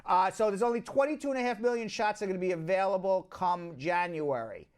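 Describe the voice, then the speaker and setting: Long island guy running through the news, kinda high voice, chatty, keeps doubling back on himself. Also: fast, clear, resonant tone. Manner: chatty, repeats himself, asides to co-hosts. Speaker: host, immigration news show. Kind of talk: casual news rundown.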